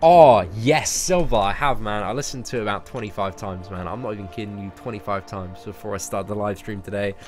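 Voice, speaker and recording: A man's voice: on the low side, brisk, few pauses, music in the background. A young man with a southern English accent, chatting casually on a game live stream, rambling and restarting his sentences. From Surrey, southern England. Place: parents' garden, outdoors.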